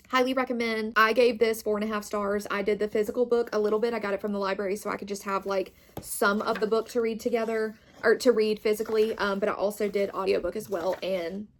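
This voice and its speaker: A young woman chatting casually about books she read, gushing and enthusiastic. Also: mid-range voice. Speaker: booktube host. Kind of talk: casual reading wrap-up chat.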